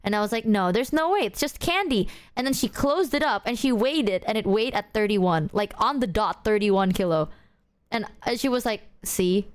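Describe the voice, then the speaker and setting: A woman streamer reacting to clips in casual stream chat, swearing freely while she tells an animated anecdote. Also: medium pitch, moderate pace, smooth.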